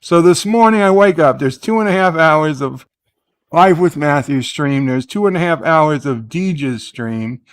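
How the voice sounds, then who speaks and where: A man hosting a casual morning live-stream, rambling through his thoughts and stopping to read viewer comments aloud. His voice sits a little high for a man. The sound is dry and close. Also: expressive, a little slow, clear, resonant tone, dry recording. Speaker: host.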